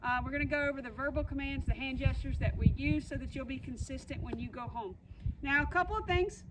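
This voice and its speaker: Woman dog trainer with a high voice, reassuring and repetitive, heard from a distance over loud background noise. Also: fast talker. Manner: reassuring, repeats key points. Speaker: puppy trainer. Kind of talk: instructional dog-training walkthrough.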